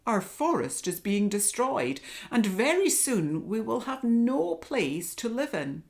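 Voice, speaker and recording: A woman's voice: medium pitch, sing-song, slow pace, voice pushed up. A woman voicing an urgent, commanding lion. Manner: loud, urgent and declaiming. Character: grave commanding male lion leader.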